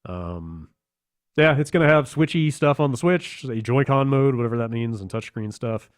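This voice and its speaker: A man's voice: mid-range voice, expressive, normal speed, dry recording, clean studio sound. A man co-hosting a podcast in casual chat, rambling and hesitant, with plenty of fillers. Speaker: podcast co-host.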